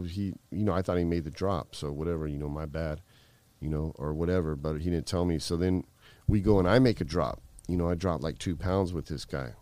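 A man's voice: deep voice, a little mellow, no room sound. A middle-aged man telling a long story in casual, rambling speech full of fillers and swearing. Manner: rambling, profane, heavy fillers. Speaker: guest.

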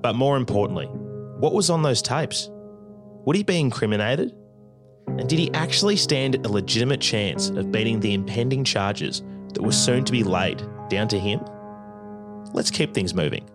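A man's voice: medium pitch, lively intonation, moderate pace. A man giving scripted documentary narration, posing dramatic questions. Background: music.

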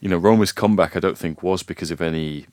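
A man's voice: low voice, quick pace, darkish tone, dry recording, clean studio sound. A man discussing a football match in a casual podcast chat, thoughtful and hesitant, with frequent fillers. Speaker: football pundit.

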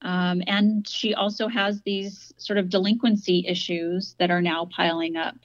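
A woman with a lowish voice co-hosting a podcast discussion, explaining things in a measured way. Her voice sounds dry and close, with slightly dull, lo-fi audio. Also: flat delivery, no echo. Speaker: podcast co-host. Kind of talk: casual discussion.

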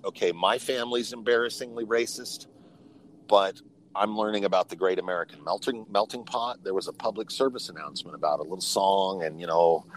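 A man in his fifties with a very low voice, speaking candidly as a podcast guest. He rambles through personal memories and keeps restarting his phrases as he looks for the words. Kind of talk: personal storytelling in casual conversation.

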